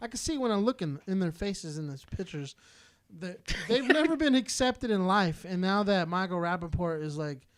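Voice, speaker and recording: A man from Southern California rants on a casual podcast in a heated, rambling stream. His voice sits high, and he swears constantly. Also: animated, normal speed. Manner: profane, heated, rambling rant. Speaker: podcast co-host.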